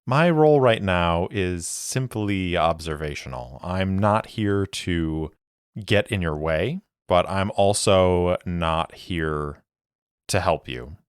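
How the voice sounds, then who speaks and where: A man's voice: low voice, expressive, slow pace, clear, resonant tone, no echo, studio quality. Cryptic female spy, as a man puts her on. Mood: cool, cryptic. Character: cryptic woman spy of a secret order, cool and guarded.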